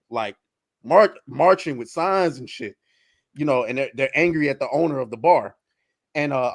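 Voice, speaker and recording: A man telling a story in casual podcast chat, animated and laughing as he acts out the characters. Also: medium pitch, no room sound. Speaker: podcast co-host.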